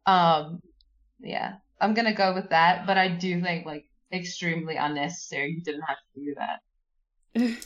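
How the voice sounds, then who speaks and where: A woman's voice: on the low side, steady tone, a little slow, highs cut off. A woman co-hosting a podcast in casual chat, emphatic and swearing for effect. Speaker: podcast co-host.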